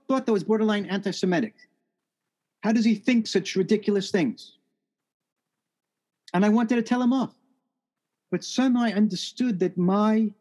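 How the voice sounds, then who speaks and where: A man's voice: high-pitched, warm tone. A man telling a personal story in an earnest, reflective way, his voice rising at the emotional peaks. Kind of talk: first-person storytelling talk.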